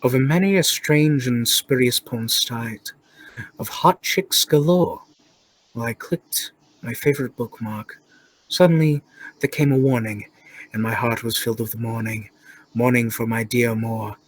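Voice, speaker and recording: Mock-gothic British reciter, put on by a young man: deep, slow, dead-dry mic. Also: lightly acted, low-quality recording. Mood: mock-solemn. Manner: lowered, dramatic recitation.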